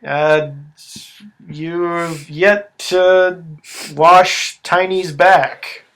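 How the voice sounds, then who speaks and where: A man voicing an angry male minotaur, loud and slow with hesitant pauses. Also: fairly high pitch, fairly even intonation, exaggerated voice. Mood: shouting.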